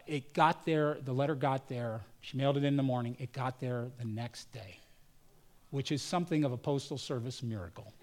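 A man's voice: mid-range voice, fairly quick, a little mellow. A man preaching a sermon as pastor, telling personal stories and acting out the voices of the people in them. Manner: storytelling, acts out quoted voices. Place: church.

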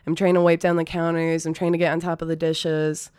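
A woman with a lowish, smooth and clean voice recounts a story in a relaxed, conversational way. She swears freely, leans on fillers, and breaks into short nervous laughs. The sound is close and dry, with no room echo. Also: fairly quick. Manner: loose and profane, many fillers, nervous laughs. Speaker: storyteller, former restaurant server. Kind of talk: casual spoken anecdote.

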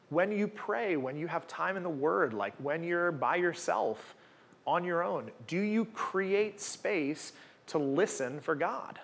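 A man's voice: a little high, breathy edge. Conversational man in his forties preaching. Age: 40s. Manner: conversational, rhetorical questions with frequent "right?". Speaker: guest preacher. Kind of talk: sermon. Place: church gathering room.

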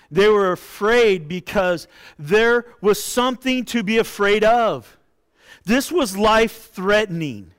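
Male pastor, expressive sermon delivery with impassioned peaks; clear, resonant voice. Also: sits high. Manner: expressive preaching, rises to impassioned pleading.

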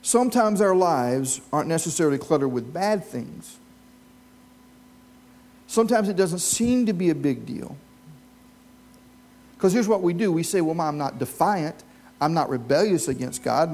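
A man's voice: a little high, darkish tone. A man preaching a sermon, telling stories and asking the congregation questions. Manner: storytelling, asks the congregation questions. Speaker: pastor. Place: church with a live congregation.

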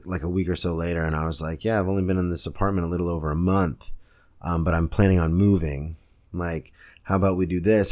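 A man's voice: low voice, darkish tone. A young man, a stand-up comic hosting his own podcast, telling a rambling story full of fillers, talking alone at home. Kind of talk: casual solo podcast rant. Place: home room, girlfriend nearby.

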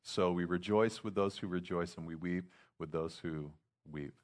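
A man's voice: sits low, moderate pace. A man preaching a sermon in a casual, conversational way, often restarting his sentences. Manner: conversational preaching with frequent restarts and acted asides. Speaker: pastor.

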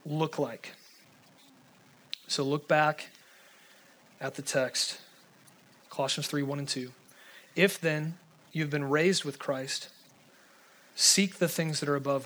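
A man preaching a sermon in a casual, conversational way, full of fillers, swinging between urgent pleading and hushed intensity. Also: on the high side.

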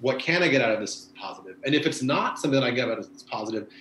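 A man's voice: medium pitch, lively intonation, racing, a bit bright, roomy sound, a little hiss or hum, poor audio. A man, a former bike messenger, chatting casually and rambling with lots of fillers. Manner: rambling, laid-back, many fillers like "you know". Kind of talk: casual conversation.

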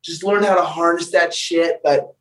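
A young man, a wrestler, telling wild road stories on a podcast in a loud, profane, animated way. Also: on the high side, normal speed, recorded from a distance, rough recording. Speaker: wrestler guest. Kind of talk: casual podcast storytelling.

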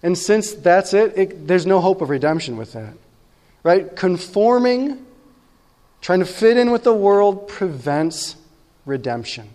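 A man's voice: high-pitched, sing-song, a little slow, a little mellow, big-room sound. A man preaching a sermon as pastor, talking conversationally and often asking his listeners "right?".

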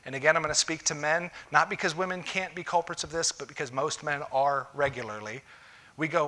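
A man's voice: a little high, animated, moderate pace, sharp tone. A man preaching a conversational sermon, folksy and direct, often acting out what people say. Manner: folksy, talks straight to listeners, acts out quoted voices. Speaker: pastor.

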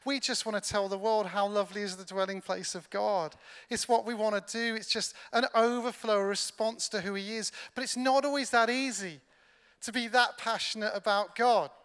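A man's voice: sits high, fairly even intonation, moderate pace, a bit bright, smooth. A man preaching a sermon as a pastor in church, telling stories with humor and poking fun at himself. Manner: humorous, self-deprecating storytelling. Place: large church hall. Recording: long hall reverb from a church.

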